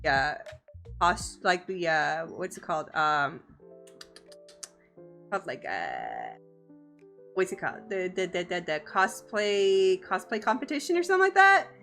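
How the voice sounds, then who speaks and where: A woman's voice: fairly low pitch, very animated, a little slow, pauses often, a bit bright, soft background music. A young woman streaming from home, chatting casually with her viewers, giggling often and swearing freely. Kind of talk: casual live-stream chat.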